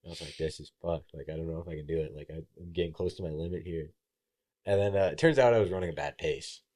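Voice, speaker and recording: A young adult man, a college baseball player appearing as a podcast guest, tells a story casually in a low, quick voice. He's animated, acts out what people said, and swears freely and often.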